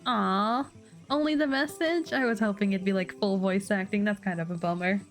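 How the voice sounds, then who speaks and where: A woman's voice: mid-range voice, normal speed, soft background music. A woman streamer chatting casually while she plays a game, making offhand comments between the lines she reads. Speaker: livestream host. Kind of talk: casual chat while gaming.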